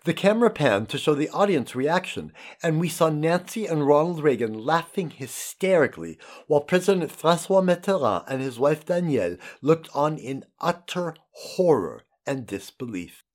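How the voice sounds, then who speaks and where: Middle-aged male memoir narrator, passionate, slightly high voice with lively swings. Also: moderate pace, hardly any pauses. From United States. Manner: expressive, impassioned storytelling.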